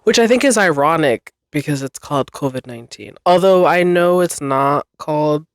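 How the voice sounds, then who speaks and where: A woman's voice: deep voice, animated, moderate pace, dry recording, studio quality. A woman in her twenties hosting a podcast, chatting alone in a rambling, self-deprecating way, swearing and laughing often. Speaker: podcast host. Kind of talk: casual solo chat.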